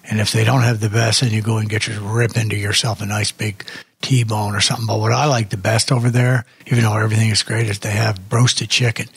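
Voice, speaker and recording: An older man hosts a music show in a loose, rambling, chatty way. His voice is gravelly with a deep raspy edge, and it sounds close and dry. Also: little pitch movement, a little fast, no room sound. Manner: rambling, chatty, wanders off on tangents. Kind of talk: casual radio show chat.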